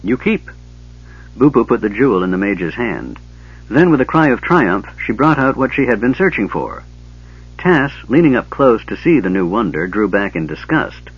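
Brief: low-voiced male narrator, husky, steady storytelling, dull lo-fi recording. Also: normal speed. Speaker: audiobook narrator. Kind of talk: audiobook narration.

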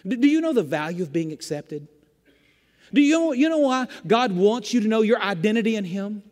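A man's voice: sits high, animated, fairly quick, a little mellow. A male pastor preaching a sermon with emphatic rhetorical questions and repetition, in a church sanctuary. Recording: long reverb of a large church hall.

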